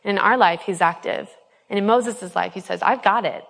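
A woman's voice: mid-range voice, moderate pace, gravelly, fairly bright tone. A woman in her twenties sharing a personal faith testimony in an earnest, rambling way, with many ums and restarts. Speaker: speaker giving a personal testimony. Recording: long hall reverb.

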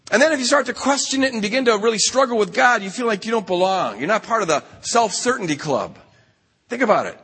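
Man, animated sermon, high bright voice, long hall reverb. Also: fast, husky. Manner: animated, acts out quoted voices. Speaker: retreat speaker. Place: retreat camp hall.

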